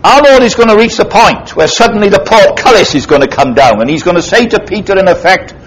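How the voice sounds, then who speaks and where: Speaking fast and animated, a man delivers an expository sermon in which he dramatically and emphatically retells a parable with sweeping pitch changes. The recording is low quality.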